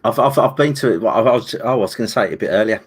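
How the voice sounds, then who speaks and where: A man's voice: lowish voice, very fast, husky. A man with a Birmingham accent, co-hosting a casual chat and telling rambling stories with lots of restarts. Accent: Brummie. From England. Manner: rambling, animated storytelling with restarts. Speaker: co-host.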